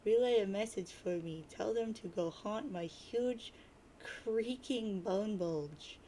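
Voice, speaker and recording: A woman's voice: mid-range voice, takes it slowly, mellow, a little hiss or hum, close to an everyday voice. A woman reading the lines of a mopey, sarcastic teenage boy who sees himself as a prophet of doom, in a dramatic webcomic reading. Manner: grumbly, sarcastic, self-pitying.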